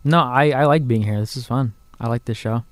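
A young man, the show's producer, teasing the host in a deadpan way. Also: mid-range voice, a little fast, dry recording. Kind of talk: casual banter.

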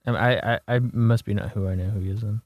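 A young man talking fast in casual podcast banter, quick with jokes. His voice is fairly low, and the close mic gives a dry sound with no room. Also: steady tone, darkish tone, dry recording. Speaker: podcast co-host. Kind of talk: casual chat.

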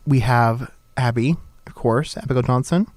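A man's voice: medium pitch, moderate pace, dry recording. A young man hosting a talk show, bantering playfully and gushing over his guests. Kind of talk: casual banter.

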